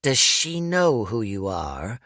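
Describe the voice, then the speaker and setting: A man's voice: sing-song, takes it slowly, bright, forceful tone, no room sound, studio quality, heavily acted. A male narrator voicing a shrewd, scolding old woman warlord in a raised, older-sounding voice, as an audiobook character. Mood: suspicious. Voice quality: higher, scolding old-lady voice.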